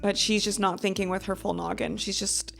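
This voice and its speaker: A woman in her thirties hosts a chatty book review vlog, gushing and dramatic as she fills her talk with "like". Her voice sits at a middle pitch, with faint music playing softly behind her. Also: level tone, brisk, gravelly. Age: 30s. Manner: gushing and dramatic, heavy use of "like". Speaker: book club host.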